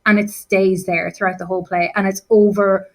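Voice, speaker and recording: A woman's voice: medium pitch, flat delivery, normal speed, low-quality recording. A woman teacher talking through a set text for a revision lesson, chatty and self-deprecating, with frequent fillers and restarts. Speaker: English teacher. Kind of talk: casual revision lesson chat.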